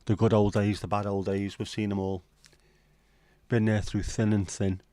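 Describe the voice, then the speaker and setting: With a mellow, low voice and level tone, a middle-aged man hosts a casual late-night livestream from home at normal speed. He rambles, swears and banters with his chat, recorded without room sound.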